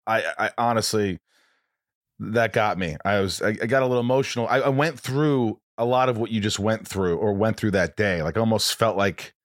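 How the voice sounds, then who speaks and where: A man hosting an interview, responding in casual conversation in an earnest, halting, emotional way. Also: on the low side, steady tone, no echo, studio quality. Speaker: podcast host. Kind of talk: casual chat.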